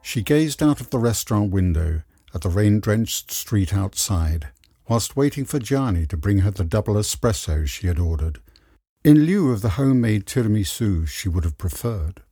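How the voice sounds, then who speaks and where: Expressive, husky male storyteller. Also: fairly low pitch, normal speed, no echo, clean studio sound. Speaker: audiobook reader. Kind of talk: scripted narration.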